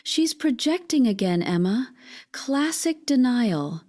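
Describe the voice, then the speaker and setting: A woman voicing a manipulative female therapist who speaks softly and condescendingly in a calm, soothing manner. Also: a little high, takes it slowly. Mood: coaxing.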